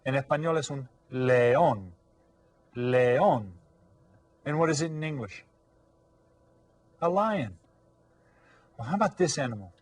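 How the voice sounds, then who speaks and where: A man teaching an elementary school video lesson, speaking in a friendly, encouraging way to young children and stretching out words slowly for them to repeat. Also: on the high side, expressive. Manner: slow, drawn-out modeling of words for children to repeat. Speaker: Spanish teacher.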